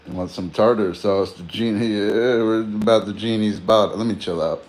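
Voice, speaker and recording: Low-voiced man in slangy rambling chat. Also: fairly even intonation, normal speed, a little mellow. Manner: slangy, swears freely, drifts between topics. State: tired. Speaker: livestream host.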